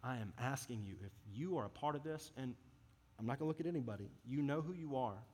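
A man's voice: medium pitch, lively intonation, quick pace, darkish tone, breathy edge. A man preaching a sermon as a youth pastor, earnest and impassioned in a conversational way. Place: church service hall. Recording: reverberant hall.

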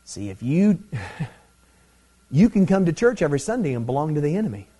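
A man preaching a sermon as pastor, emphatic and conversational, with big swings in pitch and loudness and frequent asides like "see" and "man.". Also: sing-song, moderate pace, breathy edge.

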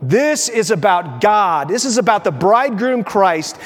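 A man preaching a sermon as pastor, telling the story with lively mock voices. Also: sits high, a little slow. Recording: long reverb of a large hall.

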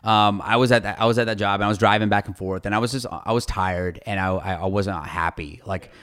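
A man, a lawyer, telling stories from his career in a casual, animated interview and swearing casually. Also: lowish voice, fast. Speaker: guest, lawyer.

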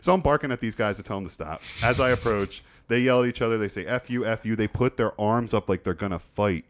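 A man's voice: on the low side, fast, slight background noise. A man in his thirties casually telling a story on a podcast, swearing freely and acting out the people in it. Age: 30s. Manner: animated storyteller, swears often, acts out shouting in his stories. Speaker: podcast co-host. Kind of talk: casual chat.

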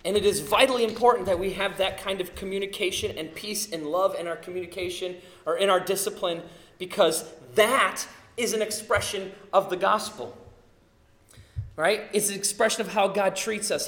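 A man in his thirties preaching a sermon, telling family stories with lively acted-out quotes. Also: sits high, normal speed, echoey room. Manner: animated storytelling, acting out quotes. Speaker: pastor.

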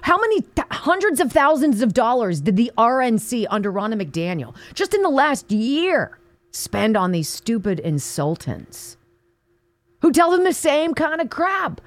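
A woman's voice: sits high, wildly swooping pitch, measured pace, dry recording. An American woman hosting a talk radio show, delivering an indignant, sarcastic political monologue with emphatic outbursts.

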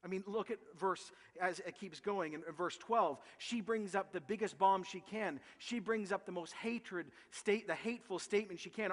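A man preaching a sermon as pastor, emphatic and animated, often acting out quotes from scripture. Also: high-pitched, moderate pace. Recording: long hall reverb.

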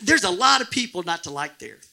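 A middle-aged pastor preaching in a church. His voice sits high for a man and rings bright and forceful. He jokes with the room and breaks into shouts. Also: brisk, vocal fry. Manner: animated, jokey preaching with bursts of shouting. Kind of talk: sermon.

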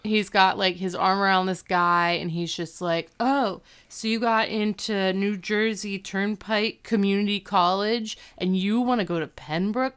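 A woman's voice: fairly low pitch, clear, resonant tone. A woman co-hosting a casual podcast, retelling a TV episode and acting out the characters' lines. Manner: animated retelling, acting out quotes. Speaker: podcast co-host recapping a TV episode. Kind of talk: casual chat.

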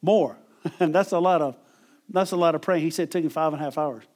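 Middle-aged male preacher, conversational sermon delivery, a little high-pitched, chuckles between points. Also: quick pace, darkish tone. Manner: conversational, repeats and restarts words, chuckles often.

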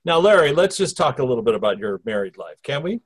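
A man's voice: medium pitch, very animated, quick pace, slightly rough. Man hosting a rambling interview. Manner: asks long wandering questions with restarts. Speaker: host interviewing a spirit through a medium. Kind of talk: casual interview talk.

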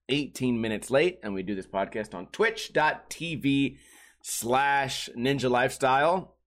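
A young man hosting his solo live-streamed podcast, telling stories in a rambling, animated way with lots of swearing, a bit tired after just waking up. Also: medium pitch. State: a little tired, just woke up. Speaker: podcast host.

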